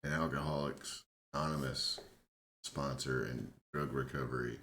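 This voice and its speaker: Very deep-voiced tipsy man, rambling. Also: steady tone, normal speed, fairly bright tone. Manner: laid-back, rambling, swears freely. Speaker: podcast co-host. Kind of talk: casual chat. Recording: roomy echo.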